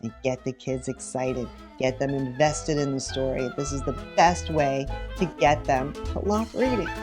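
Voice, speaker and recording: A middle-aged woman teacher giving read-aloud tips, animated and dramatic, with sudden gasps. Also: extremely low pitch, measured pace, over music. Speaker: teacher and children's librarian.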